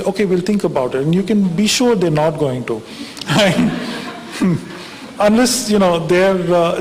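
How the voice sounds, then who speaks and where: This conference speaker's high-pitched voice is a little mellow as he delivers a wry, conversational talk, regularly checking in with listeners by asking "right?". The conference hall recording is reverberant, with faint background hiss.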